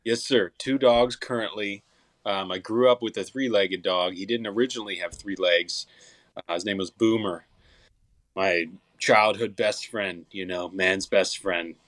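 A man's voice: on the low side, steady tone, unhurried, a bit bright, no echo. A young man, a songwriter and musician, chatting casually as an interview guest, rambling with frequent restarts and fillers.

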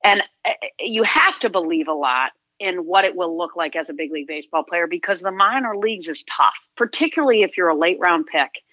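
Woman, middle-aged, bright forceful tone, earnest, muffled recording. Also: fairly low pitch, expressive, brisk, no room sound. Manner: reflective, earnest, frequent restarts. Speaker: sports agent, guest. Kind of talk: conversational interview.

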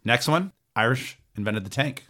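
A man's voice: mid-range voice, expressive, normal speed, pushed and bright. A man co-hosting a podcast, reading through a list of facts in a casual, joking way. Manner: reads a list with jokes and stumbles. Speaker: podcast co-host, researcher.

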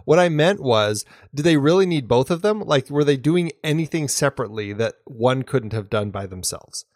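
A man's voice: medium pitch, animated, moderate pace, a little mellow, no room sound. Enthusiastic man, dry close sound. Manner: enthusiastic, rambling with restarts. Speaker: podcast co-host. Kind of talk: casual film discussion.

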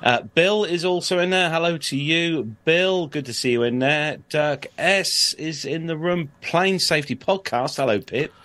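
A man's voice: a little high, unhurried, hardly any pauses, fairly bright tone. Chatty man hosting a podcast. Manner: friendly, chatty, reads news aloud with filler "uh"s. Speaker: podcast host. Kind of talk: casual chat and news reading.

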